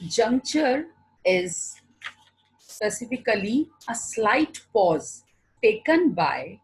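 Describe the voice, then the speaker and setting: A husky, breathy-voiced woman with an Indian English accent delivers an online lecture. She speaks slowly and deliberately, and her pitch rises and falls in a lively way as she poses questions and then answers them herself. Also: low-quality recording. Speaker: teacher.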